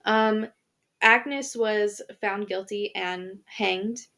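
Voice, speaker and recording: A woman's voice: mid-range voice, steady tone, very slow, sharp tone. A young woman co-hosting a podcast, retelling a history story in casual chat with lots of fillers and restarts. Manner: chatty, many fillers and restarts, laughs easily. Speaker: podcast co-host.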